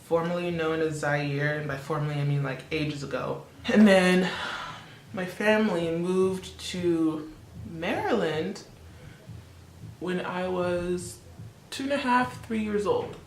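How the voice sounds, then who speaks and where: A woman's voice: fairly low pitch, slow pace, reverberant, a little hiss or hum. A woman in her twenties, born in Congo and raised in Canada, chatting casually and laughing often as she does her makeup. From born in the Democratic Republic of Congo, raised in Canada. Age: 20s. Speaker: beauty vlogger. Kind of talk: casual chat while doing makeup.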